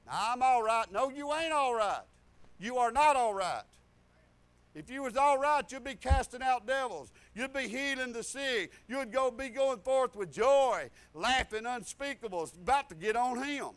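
A man's voice: lively intonation, normal speed, a bit bright, clear, resonant tone. An older man, preaching a folksy sermon full of stories, laughter and hallelujahs. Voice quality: high-pitched. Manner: rambling storytelling with laughs and hallelujahs.

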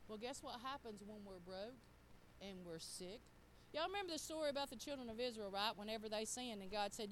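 A woman's voice: on the high side, expressive, fairly quick, a little hiss or hum, low-quality recording. A middle-aged woman preaching a sermon, talking straight to the congregation in a folksy way.

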